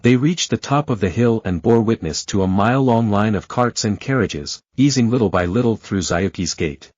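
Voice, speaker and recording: A man narrating a fan fiction story in a steady storytelling manner. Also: on the low side, moderate pace, no echo. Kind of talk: reading fan fiction aloud. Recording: dull lo-fi, dry close sound.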